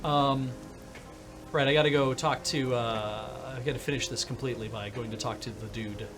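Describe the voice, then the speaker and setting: A man's voice: mid-range voice, fairly even intonation, normal speed, music in the background. A man streaming a video game who reads the story text aloud and chats casually, thinking aloud as he plays. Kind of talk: let's-play commentary and reading game text aloud.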